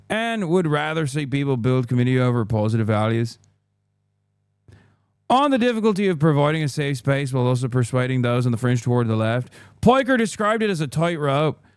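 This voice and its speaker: Hammy put-on Irish reader, done by a man, crisp dry voice, theatrical. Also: mid-range voice, darkish tone, no echo, natural voice. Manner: theatrical, exaggerated brogue. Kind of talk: reading an article aloud.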